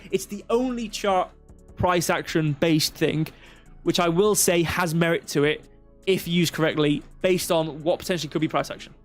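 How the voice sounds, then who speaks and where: A man talks through trading charts on a live stream in a slightly raised voice, stepping point by point and drifting into digressive, self-deprecating asides. Faint music runs underneath. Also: a little high. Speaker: crypto livestream host.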